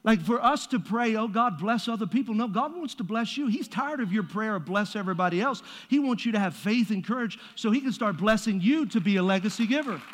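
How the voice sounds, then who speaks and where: A man's voice: sits high, expressive, a little fast, few pauses. A man preaching a sermon as pastor, conversational and joking, with playful asides to the congregation. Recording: long reverb of a large hall.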